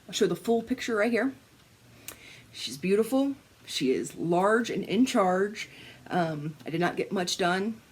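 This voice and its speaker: A woman's voice: lowish voice, a little hiss or hum. A woman, chatting casually to camera as a crafting vlogger, telling stories with laughs, swearing and acted-out quotes. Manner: animated storytelling, swearing, laughing, acting out quotes.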